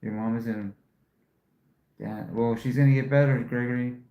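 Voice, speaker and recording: A man hosting a casual livestream chat, telling a profane story and jumping his voice up high whenever he quotes himself. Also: fairly even intonation, normal speed, reverberant, highs cut off. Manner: profane storytelling, voice jumps up when quoting himself. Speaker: livestream host.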